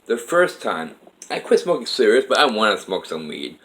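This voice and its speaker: A man's voice: on the low side, very animated, moderate pace, fairly bright tone, rough recording. A man vlogging about his life in a meandering, earnest monologue with frequent swearing. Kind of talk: rambling personal monologue.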